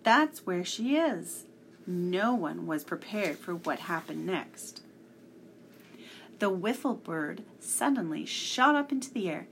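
A woman reading a children's story aloud, slow and deliberate, with small slips along the way. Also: lowish voice, lively intonation, gravelly, slight background noise.

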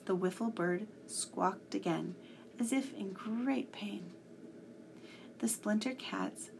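A woman reading a children's story aloud, measured and sometimes hushed. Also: medium pitch, gravelly, a little hiss or hum.

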